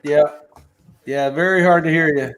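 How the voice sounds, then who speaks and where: A man's voice: fairly high pitch, fairly even intonation, normal speed, rough recording. A man hosting a casual live stream, welcoming guests and reading chat comments aloud.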